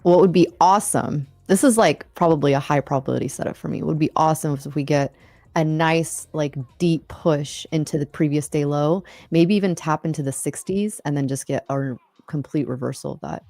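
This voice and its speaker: A woman hosting a live trading stream, analyzing charts quickly and cursing under her breath. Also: low voice, darkish tone, dry recording, soft background music. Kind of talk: casual live trading commentary.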